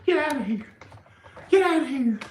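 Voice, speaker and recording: A man putting on a squeaky, high-pitched voice as a rowdy, foul-mouthed male rodeo clown, yelling and cackling. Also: lively intonation, moderate pace, roomy sound, a little hiss or hum.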